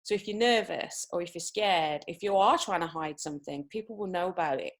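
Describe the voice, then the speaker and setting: A woman's voice: fairly low pitch, a little fast. A woman running a live online workshop on communication from home, upbeat and reading out participants' answers. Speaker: communication coach. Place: home, wrapped in a blanket.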